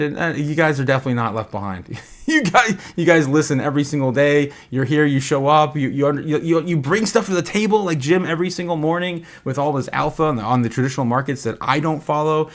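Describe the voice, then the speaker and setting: A man hosting a live stream. He talks in an excitable way, laughs often, and stammers and repeats himself. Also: a little high, fast. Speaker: crypto livestream host.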